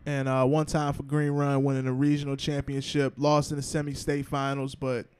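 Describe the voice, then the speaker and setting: A man's voice: medium pitch, completely flat delivery, moderate pace, darkish tone, clean tone. A young man co-hosting a podcast, chatting casually and joking in a laid-back, slangy way. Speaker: podcast co-host. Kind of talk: casual chat.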